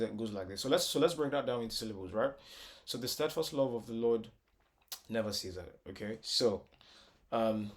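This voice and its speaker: A man's voice: mid-range voice, normal speed. A man teaching a casual music tutorial, explaining step by step with lots of repetition and filler words, sometimes singing short phrases. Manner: breaks into short sung phrases.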